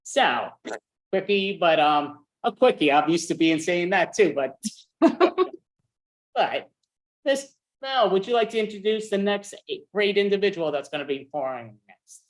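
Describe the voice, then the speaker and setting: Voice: medium pitch, lively intonation, measured pace. A host at a live comedy show rambling through stage chat between acts and losing track mid-thought.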